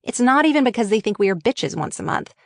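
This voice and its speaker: A woman's voice: a little high, very animated, quick pace, no echo, clean studio sound. Frank, wry woman reading her memoir. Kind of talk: audiobook memoir narration.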